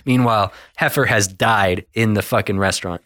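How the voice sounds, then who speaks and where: A young man co-hosting a podcast, casually recapping a cartoon episode in a rambling, animated way. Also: on the low side, normal speed, dry recording, clean studio sound. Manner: rambling, animated storytelling with lots of fillers and swearing. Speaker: podcast co-host.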